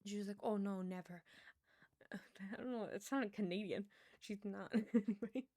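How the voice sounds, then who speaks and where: Chatty streamer woman with vocal fry. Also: medium pitch, moderate pace, dark tone. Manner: rambling, chatty storytelling with frequent laughs. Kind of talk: casual chat while gaming. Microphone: wired earbuds with a headset mic.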